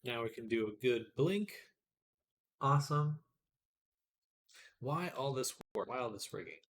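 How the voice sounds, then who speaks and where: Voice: mid-range voice, animated, a little slow. A streamer giving casual live commentary while working, muttering to themself and chatting with viewers.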